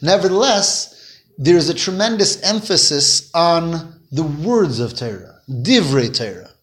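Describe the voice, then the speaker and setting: A man teaching a Torah lesson to a class, explaining slowly and putting questions to his students. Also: fairly high pitch, very animated.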